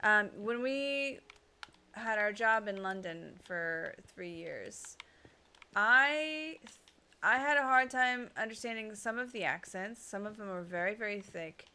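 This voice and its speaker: A woman's voice: mid-range voice, animated, slow pace, sharp tone, smooth. A woman streamer in bubbly, chatty casual talk, often laughing. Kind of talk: casual chat on a gaming stream.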